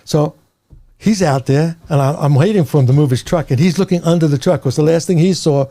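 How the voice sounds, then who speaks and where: An older man from New York with a New York accent, telling rambling, animated stories as an interview guest and laughing along. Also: fairly high pitch, fairly quick. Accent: American, New York. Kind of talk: casual storytelling.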